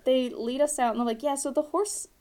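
Animated British woman swapping stories. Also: high-pitched, brisk. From Britain. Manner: animated, swearing storyteller. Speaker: podcast co-host. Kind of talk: casual chat.

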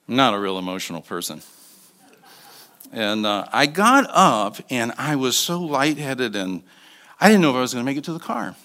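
Older guy in his 60s giving a sermon, pitch jumps all over, tells a story, goes quiet then punchy. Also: expressive, moderate pace. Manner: storytelling, shifting between soft asides and emphatic bursts. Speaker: guest speaker.

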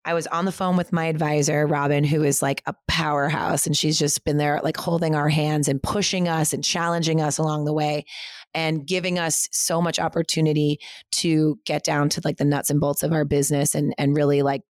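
A woman in her thirties with a slightly low voice, recorded close and dry on a podcast mic. She rushes through a personal story in a casual way. She leans on 'like' and 'right?' as she goes. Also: level tone, no room sound. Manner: rushing, heavy use of 'like'. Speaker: interview guest, studio co-founder.

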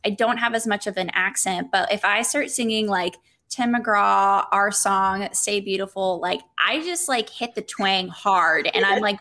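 A woman's voice: medium pitch, a little slow, hardly any pauses, sharp tone. A woman from South Carolina, a podcast guest chatting casually with many "like" fillers.

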